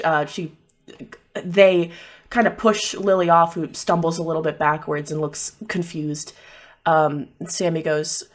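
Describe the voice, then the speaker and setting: Woman game master; lowish, casual narration. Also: slow pace. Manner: casual, lots of fillers.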